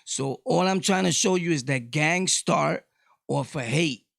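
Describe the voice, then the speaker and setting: A middle-aged man with a New York accent, ranting casually to his viewers, loud one moment and low the next. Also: a little slow, gravelly, no echo, studio quality. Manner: loud, shifting between shouting and low talk. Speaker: vlogger. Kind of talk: casual rant to camera.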